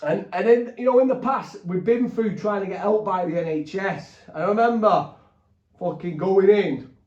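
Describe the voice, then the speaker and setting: A fairly high-voiced man talks bluntly and rambles, swearing freely as he tells his story as a podcast guest. He sits back from the mic in an echoey room, and the sound is a little dull. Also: normal speed, a little mellow. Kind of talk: candid storytelling. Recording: roomy, distant, dull.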